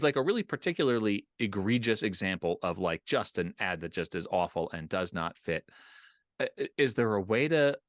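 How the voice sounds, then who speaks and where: Male podcast host, lively pitch, teasing tone, dry close sound. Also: no room sound. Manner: joking, teasing interviewer. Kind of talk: casual podcast chat.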